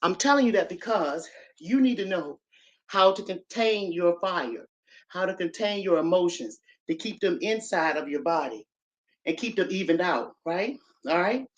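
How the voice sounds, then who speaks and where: A woman's voice: on the low side, animated, moderate pace, highs cut off. A woman hosting a casual live stream, talking straight to her viewers in a chatty way, a bit out of breath. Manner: chatty, addresses viewers directly.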